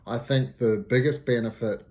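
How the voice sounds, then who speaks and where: A man's voice: mid-range voice, steady tone, normal speed, darkish tone. A middle-aged man from New Zealand, a martial arts instructor, talking casually to camera, nasal from a cold and rambling with many fillers.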